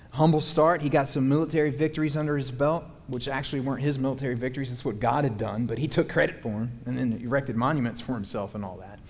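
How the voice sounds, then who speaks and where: Guy preaching, chatty and animated, goes off on tangents, big echoey church sound. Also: mid-range voice. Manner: folksy, animated, digressive storytelling. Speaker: pastor. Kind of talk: sermon. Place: church hall. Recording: long hall reverb, faint background noise.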